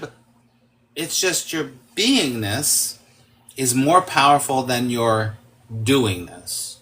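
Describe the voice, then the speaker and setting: Bright, emphatic man acting out quotes. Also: mid-range voice, animated, slow pace, slight background noise. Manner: emphatic, swears freely, acts out quoted speech. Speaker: guest. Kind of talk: casual conversation.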